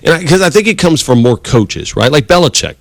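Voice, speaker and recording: A man's voice: on the high side, very animated, a little fast, creaky, no room sound. A man hosting a sports talk radio show, chatting casually and rambling with restarts. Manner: rambling, conversational, many restarts.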